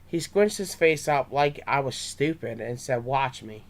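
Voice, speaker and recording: A man's voice: fairly high pitch, expressive, unhurried. A young man reading his own fan story aloud, with small stumbles and restarts.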